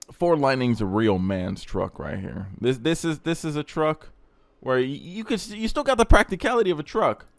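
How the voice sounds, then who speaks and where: A young man with a fairly low voice talks through casual commentary, blunt and crude, often rambling and trailing off. The sound is dry and close, with no room around it. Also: dry recording. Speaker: car channel host.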